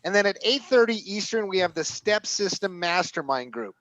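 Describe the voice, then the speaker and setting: A man co-hosting a market show, reading schedule notes in a brisk, matter-of-fact way. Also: sits high, animated, a bit bright, no room sound, lo-fi sound. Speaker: co-host. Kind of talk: casual announcements.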